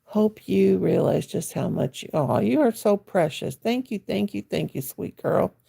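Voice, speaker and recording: Gravelly older woman chatting. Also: medium pitch, expressive, unhurried, mellow. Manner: folksy, chatty, reads and answers viewer comments. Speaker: crochet livestream host. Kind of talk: casual livestream chat. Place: at home, sitting in her chair.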